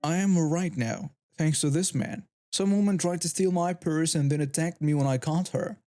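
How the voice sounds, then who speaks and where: A man voicing a polite, soft-spoken teenage blind girl. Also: fairly high pitch, normal speed, close to an everyday voice. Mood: grateful. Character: frightened but brave teenage blind girl.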